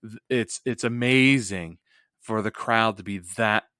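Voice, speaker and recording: A man's voice: fairly low pitch, a little slow, pushed and bright, dry recording, studio quality. A man co-hosting a podcast in casual chat, joking and laughing often. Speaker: podcast co-host.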